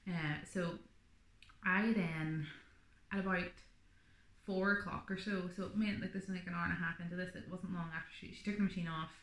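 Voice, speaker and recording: A woman's voice: lowish voice, steady tone, normal speed, fairly bright tone, echoey room. A woman vlogger telling her birth story in a chatty, rambling way, full of fillers. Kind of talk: casual birth story vlog.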